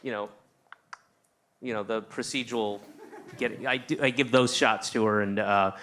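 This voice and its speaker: A man doing a stand-up routine, telling a rambling story with lots of restarts and sudden shouted outbursts. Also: on the low side, steady tone, normal speed, a little hiss or hum. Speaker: stand-up comedian. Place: comedy stage with a live audience.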